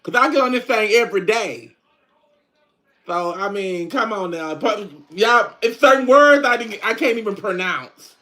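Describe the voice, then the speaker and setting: A man's voice: sits high, animated, unhurried, bright, forceful tone, exaggerated voice. A man playing a sassy middle-aged country woman, chatting in country slang on a live stream. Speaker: livestream host. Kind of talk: casual live-stream chat.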